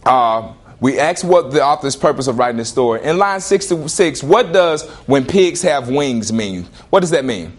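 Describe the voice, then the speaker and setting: A man teaching a classroom lesson, questioning students and repeating prompts in an animated way. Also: mid-range voice, normal speed, hardly any pauses.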